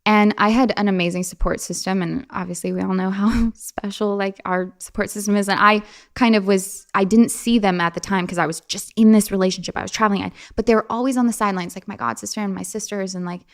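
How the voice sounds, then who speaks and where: A young adult woman speaking as a guest on an interview podcast, casually telling personal stories in an animated way, with lots of fillers and laughs. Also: mid-range voice, fast, hardly any pauses.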